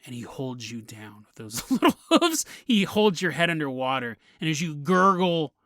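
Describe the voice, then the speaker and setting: A man's voice: fairly high pitch, big pitch swings, moderate pace, a bit bright, no echo, studio quality. A man hosting a podcast, telling a comedic story and laughing through his lines. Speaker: podcast host.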